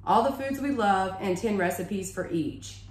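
In a reverberant room with a bookshelf, a woman with a mid-range, darkish voice and measured pace casually shows off a shopping haul, gushing over it and often saying "y'all."

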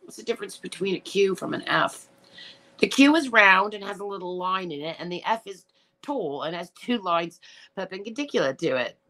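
A middle-aged woman talks to her live chat in a rambling, emotional way, tearful and swearing freely. Her voice is bright and very lively in pitch, leaping high when she gets worked up. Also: normal speed. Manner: rambling, emotional, profane ranting. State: tearful and upset. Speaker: livestream host reading chat. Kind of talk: casual live-stream chat.

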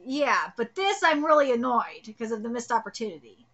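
A woman in her thirties streams a live manga reaction. Her voice sits high and sharp, and she rants with excitement and frustration, swearing freely. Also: brisk, lo-fi sound.

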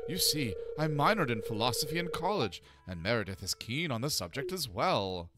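A man's voice: fairly high pitch, huge pitch swings, quick pace, heavy background noise. A man putting on a doting older father with a put-on accent. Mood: cheerful.

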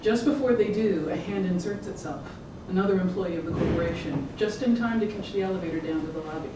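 Author reading fiction in an echoey room. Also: medium pitch. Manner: measured, rhythmic reading. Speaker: author reading own work. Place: event room. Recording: echoey room, distant mic, background noise.

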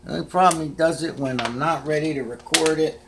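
A man's voice: fairly high pitch, a little fast, creaky, noisy background. A man at home filming on his phone, talking fondly to his cats in a casual way. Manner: talks to his cats in a fond, cooing way. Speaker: cat owner filming his pets. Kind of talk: casual home video chat. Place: at home indoors. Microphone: phone camera.

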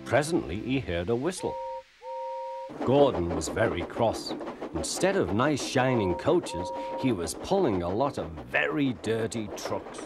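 Lively male storybook narrator. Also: fairly low pitch, unhurried, background noise. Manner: gentle storytelling, many voices. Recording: music playing underneath. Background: music.

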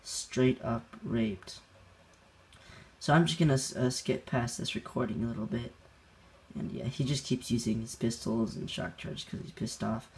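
A man's voice: mid-range voice, steady tone, moderate pace, darkish tone, slight background noise. A young man hosting a gaming channel, recounting a match in rambling casual commentary, laughing often and full of fillers and restarts.

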